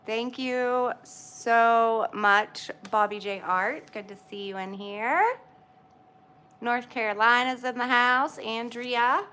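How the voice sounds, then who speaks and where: A woman's voice: fairly high pitch, takes it slowly, bright, forceful tone, smooth. A woman, chatting casually with livestream viewers, greeting them by name and laughing often. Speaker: livestream host.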